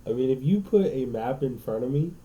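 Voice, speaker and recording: Mellow-voiced man telling rambling stories. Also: medium pitch, lively intonation, brisk, muffled recording. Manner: rambling storyteller, frequent "right?" tags. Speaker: podcast co-host. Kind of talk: casual chat.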